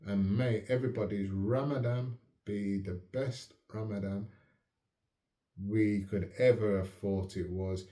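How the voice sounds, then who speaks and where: Calm man with a dark, roomy sound. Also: fairly low pitch. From United Kingdom. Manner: calm, measured, checks if listener follows. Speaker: channel host. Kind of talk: reflective casual talk to camera. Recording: roomy echo.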